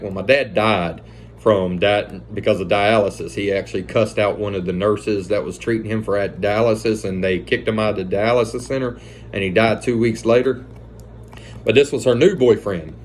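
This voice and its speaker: A man's voice: mid-range voice, a little mellow, slight background noise. A man telling a personal story in a casual, conversational way, swearing freely and retelling the events with animation.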